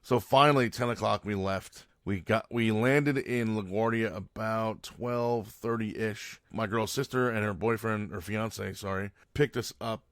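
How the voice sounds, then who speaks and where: A man's voice: fairly low pitch, fairly even intonation, unhurried, few pauses, a bit bright, dry recording, studio quality. A man hosting his own podcast, telling a long story in a loose, rambling way and correcting himself as he goes. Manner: rambling, loose, lots of fillers and self-corrections. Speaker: podcast host. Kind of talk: casual storytelling monologue.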